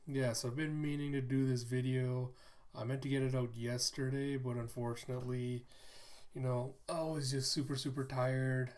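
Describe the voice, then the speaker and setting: A man hosting a manga chapter review, talking in an unhurried, soft-spoken way with many fillers. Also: medium pitch. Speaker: host.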